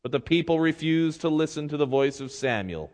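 A man's voice: on the high side, lively intonation, a little fast, darkish tone. Man preaching in a long, echoing hall. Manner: reads scripture, then retells it in a casual, joking way. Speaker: pastor. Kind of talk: sermon.

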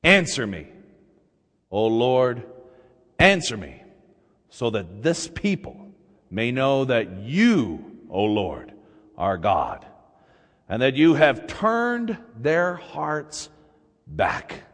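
A man's voice: high-pitched, sing-song, takes it slowly, full character voice. Bold male prophet, taunting and sure of himself, acted by a preacher; long reverb. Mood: prayerful. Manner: taunting, shouting challenges.

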